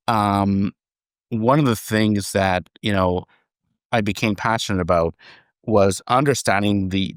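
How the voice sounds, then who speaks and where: Lower-pitched guy on a podcast chatting about his company, does little voices for the people he quotes, dry sound. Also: no echo. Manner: animated storyteller, acts out quoted dialogue. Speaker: company chairman, guest. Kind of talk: conversational podcast interview, storytelling.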